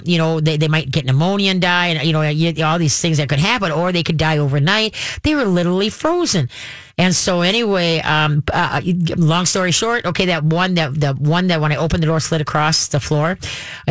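A woman telling a personal story to her viewers in a rambling, halting way, full of restarts and folksy sayings. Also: low voice, no room sound.

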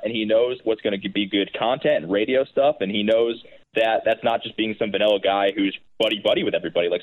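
Fast-talking man on a tinny line. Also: mid-range voice. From Connecticut, USA. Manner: rambling, filler-heavy talk. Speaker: podcast co-host. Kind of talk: casual podcast chat. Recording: phone-like narrow sound.

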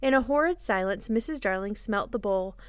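A woman host reading a children's classic aloud in an expressive, measured storybook style. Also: mid-range voice, clear, resonant tone, no echo, clean studio sound. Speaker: podcast host and reader. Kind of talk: storybook narration.

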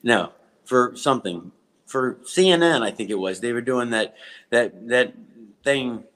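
A man, a comedian and podcast guest, telling anecdotes in a rambling, halting way, often restarting his sentences. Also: mid-range voice, expressive, fairly bright tone.

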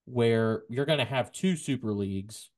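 A man hosting a casual sports podcast, stumbling over repeated words and then rushing ahead in bursts of excitement. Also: mid-range voice. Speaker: podcast host.

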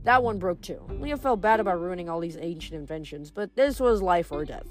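A woman reading chapters of a novel aloud in steady storytelling narration. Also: on the low side, a little fast. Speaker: reader.

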